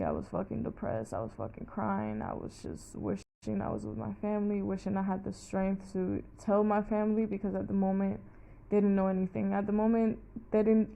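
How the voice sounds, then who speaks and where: A woman's voice: mid-range voice, vocal fry, dark tone, poor audio. A young woman telling a personal story casually, rambling, with many "like"s and plenty of swearing. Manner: rambling, fillers of "like", heavy swearing.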